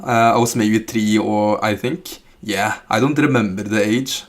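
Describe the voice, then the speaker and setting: A man's voice: fairly low pitch, steady tone, a little slow. A man putting on a thick Norwegian accent to voice an older Norwegian man chatting casually. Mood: matter-of-fact. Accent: thick Norwegian, put on.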